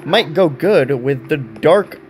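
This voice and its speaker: A man's voice: a little high, expressive, takes it slowly, over music, low-quality recording. A man giving casual commentary over a block-building game, chatting to the game and mocking himself. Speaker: gaming video creator.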